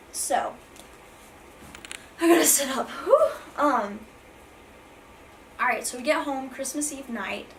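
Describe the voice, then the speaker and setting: A woman's voice: a little high, a bit bright, distant mic, a little hiss or hum, poor audio. A young woman, rambling through an emotional storytime vlog with many fillers and restarts, near tears with her voice breaking. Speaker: vlogger.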